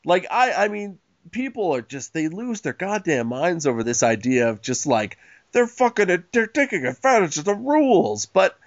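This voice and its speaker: A man's voice: high voice, normal speed, lo-fi sound. A man co-hosting a podcast in casual chat, swearing and mocking other people's arguments. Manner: profane, mocking, animated storytelling. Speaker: podcast co-host.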